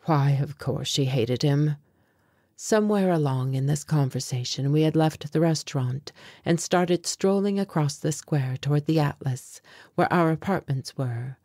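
Husky low woman, measured audiobook narrator, dry studio sound. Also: warm tone, no room sound. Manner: measured, reflective storytelling. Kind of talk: scripted first-person narration.

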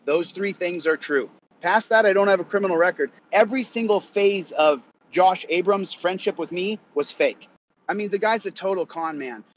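Man, young adult, angry vlog rant, cursing, repetitive, high-ish voice. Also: normal speed, dull audio, noisy background. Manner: heated, repetitive, profane. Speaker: vlogger.

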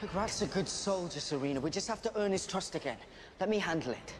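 A brash, boyish rebel fighter. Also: male voice, sits high, lively intonation, fast, slight background noise. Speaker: resistance fighter in a teen sci-fi series. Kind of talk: live-action TV drama acting. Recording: TV soundtrack with music underneath.

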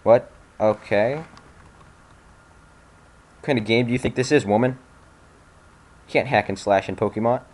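A man's voice: medium pitch, moderate pace, pauses often, darkish tone. A young man giving casual commentary on a game he is playing, sarcastic and swearing, with sudden frustrated outbursts. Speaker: let's play gamer.

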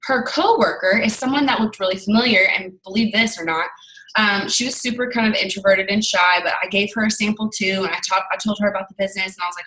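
A young woman gives a chatty, candid motivational talk to her sales team and acts out the conversations she tells. Her voice is very bright and of middling pitch. She sits slightly back from the microphone. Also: quick pace, far from the mic, low-quality recording. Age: young adult. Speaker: network marketing team leader.

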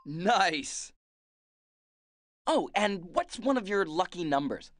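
A woman's voice: lowish voice, very animated, slow pace, slight background noise. A woman voicing a patient cartoon bus driver in a children's game, coaxing the player with questions and praise. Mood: encouraging. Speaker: game guide prompting the player.

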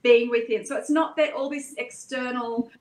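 A woman's voice: on the high side, steady tone, moderate pace, darkish tone, reverberant, rough recording. A woman talking as a guest in a casual chat, earnest and flowing, with fillers and repeated words.

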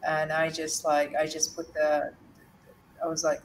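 Woman from Jordan, earnest halting storyteller, voice set back from the mic, faint background hiss. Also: low voice, completely flat delivery. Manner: earnest, halting, with many fillers and restarts. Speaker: interview guest. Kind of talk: personal story in an interview. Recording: distant mic with faint room ambience.

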